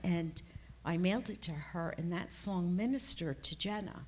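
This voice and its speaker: A middle-aged woman tells an emotional testimony in a church classroom, with lots of restarts and fillers. Her voice sits on the low side. A faint hum of room ambience runs underneath. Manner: rambling, halting, with many fillers and restarts. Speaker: class member giving a testimony.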